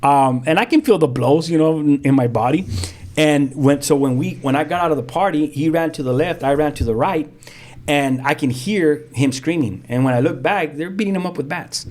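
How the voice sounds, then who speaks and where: A man, a pastor telling his own story as a guest in lively, vivid storytelling with street slang and sound effects. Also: fairly high pitch, moderate pace. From South Central Los Angeles. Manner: frequent restarts, street slang. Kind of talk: animated storytelling.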